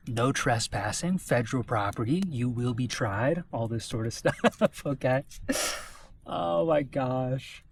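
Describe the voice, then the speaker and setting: An American man, a travel vlogger, telling a personal story to camera in an animated way and often checking in with his listeners. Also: medium pitch, slight background noise. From United States.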